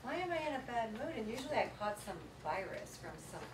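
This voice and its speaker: A woman giving a motivational workshop talk to a live audience, telling stories in a lively, chatty way with frequent laughter. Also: fairly high pitch, quick pace. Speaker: workshop presenter. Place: event room with a seated audience. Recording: echoey room, voice from far off, background noise.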